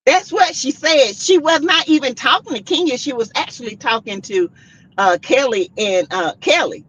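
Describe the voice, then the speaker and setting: A woman hosting a casual commentary stream, reading out chat comments and making her points with animated, repetitive emphasis. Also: high voice, normal speed, slightly rough. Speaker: host. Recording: dull lo-fi sound.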